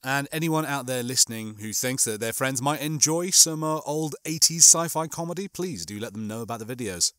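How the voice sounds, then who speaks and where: A man reading a comic sci-fi novel aloud and chatting between chapters in an animated way. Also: mid-range voice, fairly quick, hardly any pauses, no room sound, clean studio sound. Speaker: audiobook reader.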